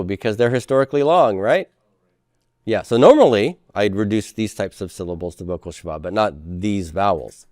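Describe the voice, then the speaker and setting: A man's voice: fairly low pitch, a little mellow, dry recording, clean studio sound. A man teaching a class in a lecture style, explaining step by step and often checking with the students. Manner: explanatory, asks checking questions, frequent fillers.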